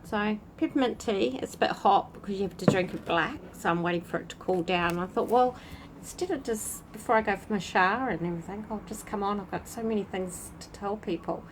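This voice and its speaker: A woman's voice: mid-range voice, fairly quick, slight background noise, rough recording. A woman hosting a casual livestream, chatting to viewers by name while sitting outside at night. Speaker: spiritual channel host. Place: outdoors at night in a breeze.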